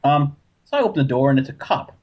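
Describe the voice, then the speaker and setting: A man's voice: on the high side, big pitch swings, fast. A man on a casual radio show, telling a long story in a rambling way with many restarts and curses. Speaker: co-host. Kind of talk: casual podcast chat. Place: home living area. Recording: dull lo-fi audio.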